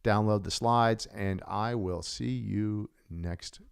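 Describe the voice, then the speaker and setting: A man's voice: fairly low pitch, slow, creaky, clean tone. A man presenting a live online course, talking casually and enthusiastically with many fillers and restarts.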